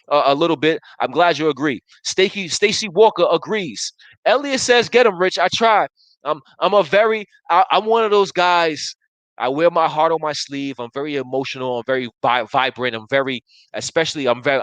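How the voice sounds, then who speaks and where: A man's voice: fairly high pitch, a bit bright, no room sound, poor audio. A man in his thirties hosting a live sports talk show, arguing emphatically and restarting his sentences as he reads viewer comments. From Buffalo area, US. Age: 30s.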